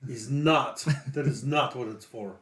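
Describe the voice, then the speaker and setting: A man's voice: medium pitch, a little slow, fairly bright tone. Man, tabletop game player, teasing, sarcastic, echoey room. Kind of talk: playing a tabletop game, partly in character.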